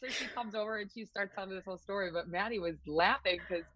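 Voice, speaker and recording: A young woman guest telling stories in a casual interview, lively and acting out other people's lines. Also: medium pitch, fast talker, lo-fi sound, a crowd in the background. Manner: lively storyteller who acts out quoted voices. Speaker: guest, hockey player. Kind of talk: casual interview chat, storytelling.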